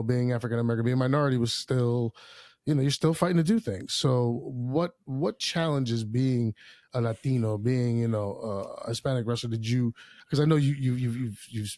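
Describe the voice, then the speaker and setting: A man's voice: mid-range voice, steady tone, brisk, a little mellow, no echo, studio quality. Rambling male podcast host. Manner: rambling, hesitant questions with many fillers. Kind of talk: casual interview.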